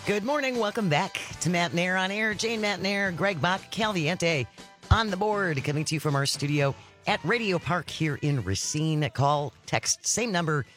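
A man's voice: sits high, expressive, normal speed, a bit bright, faint music behind. Dry-humored male radio co-host. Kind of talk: casual radio chat. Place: radio studio.

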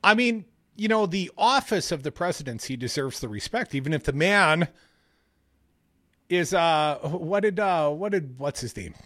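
A man co-hosting a casual news chat, reading out stories and adding animated, jokey asides. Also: a little high, moderate pace, no room sound, studio quality. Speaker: podcast co-host.

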